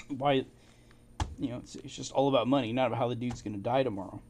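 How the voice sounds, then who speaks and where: Halting, chuckling man thinking aloud. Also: mid-range voice, fairly even intonation, darkish tone, slight background noise. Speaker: channel host. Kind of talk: casual commentary while reading old documents.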